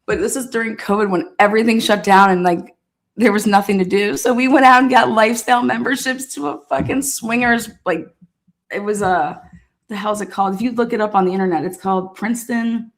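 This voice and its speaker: A woman casually telling a profane, animated story, often laughing and acting out what people said. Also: medium pitch, a little fast. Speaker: storyteller recounting past events. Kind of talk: casual anecdote.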